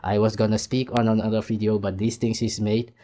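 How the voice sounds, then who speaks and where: Combative man ranting, low-pitched. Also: flat delivery, brisk, dark tone. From Suriname. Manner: combative and mocking, repeats catchphrases. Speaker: commentary channel host. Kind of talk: heated commentary rant over on-screen clips.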